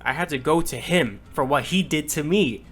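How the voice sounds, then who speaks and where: A man calmly reading out a message exchange and adding matter-of-fact commentary. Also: on the high side, moderate pace, faint music behind. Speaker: commentary youtuber.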